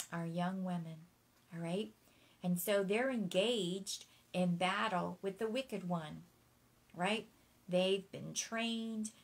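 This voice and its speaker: A woman's voice: mid-range voice, low-quality recording. A woman preaching a sermon, teaching in an emphatic way, repeating her key phrases and spelling out words for note-takers.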